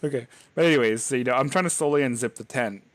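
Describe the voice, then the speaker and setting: A man's voice: mid-range voice, fast talker, fairly bright tone, no room sound. Rambling man telling a scary story. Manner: rambling, lots of "like", laughs while telling. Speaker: podcast host. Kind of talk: casual storytelling.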